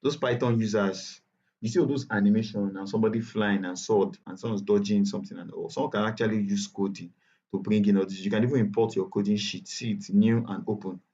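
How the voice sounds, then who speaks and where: Nigerian male instructor, low mellow voice, casual and repetitive, dull online-call audio. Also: steady tone, quick pace. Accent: Nigerian English. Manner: chatty, repetitive, self-correcting. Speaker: bootcamp instructor. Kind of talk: live online tutorial.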